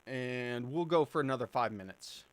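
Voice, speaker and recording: A man's voice: mid-range voice, normal speed, no room sound. A man hosting a live stream, chatting casually and answering viewer questions with plenty of fillers and restarts. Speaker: livestream host answering chat.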